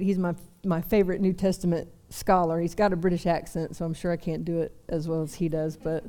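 A woman's voice: lowish voice, little pitch movement, fairly quick, few pauses, mellow. A young woman preaching a sermon to a seated congregation, chatty with self-deprecating asides. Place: church service before a seated audience.

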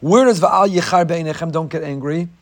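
A man delivers a Torah class at a fairly high pitch for a man. He moves between reading Hebrew passages and explaining them in plain English. His voice climbs with emphasis whenever he poses a rhetorical question. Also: brisk. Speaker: rabbi giving a Torah class. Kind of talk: Torah lecture.

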